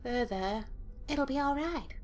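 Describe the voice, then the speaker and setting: A woman voicing an eerie little ghost girl who speaks in a soft, half-whispered, coaxing way while reading a horror game aloud. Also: sits high, expressive, slow, faint music behind, pitched above the performer's own voice. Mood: eerie soothing.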